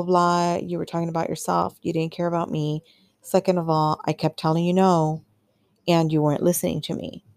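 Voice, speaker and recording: A woman's voice: deep voice, gravelly, dark tone, no room sound. A woman hosting a podcast, telling a personal story in a candid, chatty way full of fillers and acted-out quotes. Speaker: podcast host. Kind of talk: casual storytelling monologue.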